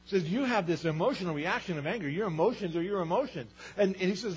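A man's voice: sits high, fast, hardly any pauses, breathy edge, muffled recording. A man preaching a sermon as pastor, conversational, asking the congregation rhetorical questions.

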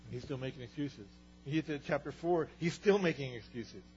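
Animated man teaching a Bible story. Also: mid-range voice, brisk, lo-fi sound, slight background noise. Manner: animated, storytelling, rhetorical questions.

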